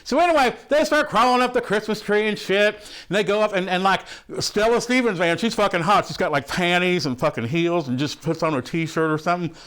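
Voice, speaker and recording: In this comic character monologue, a man reviewing a film becomes an excited, crude, and horny movie buff, swearing and rambling as he retells an old movie. He sounds high-pitched and fairly bright, talking briskly.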